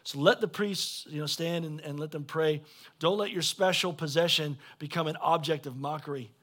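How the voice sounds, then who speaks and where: High-voiced, bright, blunt preacher. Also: male voice, steady tone, normal speed. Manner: swings from quiet asides to loud shouted exhortation. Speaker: pastor. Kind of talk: sermon.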